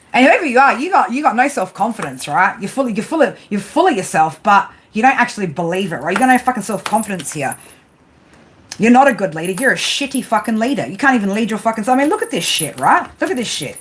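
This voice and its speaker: A woman's voice: medium pitch, sing-song, quick pace. A woman doing a tarot reading who scolds her listeners bluntly, swears constantly and keeps tagging her sentences with "right?". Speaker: tarot reader. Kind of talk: profane tarot reading monologue. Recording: home recording with clear background noise.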